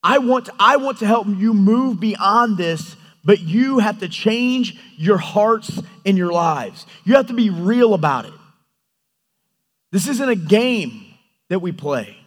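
Guy preaching, high voice, lively storytelling, echoey hall sound. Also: slow pace. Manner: animated, storytelling, acts out God's lines. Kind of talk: sermon. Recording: hall reverb.

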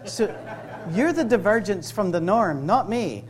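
A middle-aged man with a Scottish accent giving a humorous sermon-style talk to a live audience, conversational and full of quick asides. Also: sits high, animated. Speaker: campus ministry speaker. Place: workshop room with a live audience.

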